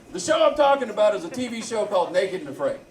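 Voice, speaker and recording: High-voiced Southern man doing stand-up. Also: sing-song, a little fast. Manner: brash, crude, crowd-work banter. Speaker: stand-up comedian. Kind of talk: stand-up set. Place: comedy bar stage. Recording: echoey club from far off, crowd.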